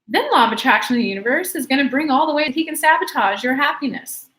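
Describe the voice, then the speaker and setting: A woman with a slightly raised voice coaches her viewers through their questions on a live stream. She is chatty and emphatic, and she talks to each person directly and warmly. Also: high-pitched, animated, fast talker. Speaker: law of attraction coach.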